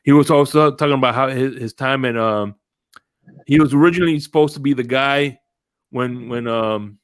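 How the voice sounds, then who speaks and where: A man's voice: medium pitch, moderate pace, smooth, no room sound. A man chats loosely on a sports podcast, rambling from story to story. He stops now and then to greet people watching. His voice sits mid-range and sounds dry and close to the mic. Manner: rambling, greets live chat viewers, tells stories with quoted voices. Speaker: podcast host. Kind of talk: casual sports podcast chat.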